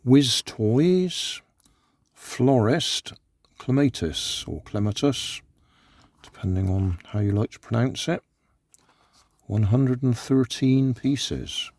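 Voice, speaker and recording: Man for a laid-back hobby vlog, slow and unhurried, recorded in a parked car. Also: medium pitch, lively intonation, a little mellow, no room sound. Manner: slow, unhurried, talking to himself while building. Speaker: vlogger building a toy kit. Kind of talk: casual build commentary. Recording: car interior.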